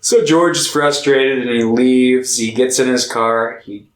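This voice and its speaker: A man's voice: medium pitch, a little slow. Male co-host, easygoing sidekick to the recap, roomy recording. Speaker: podcast co-host. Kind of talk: casual film recap chat.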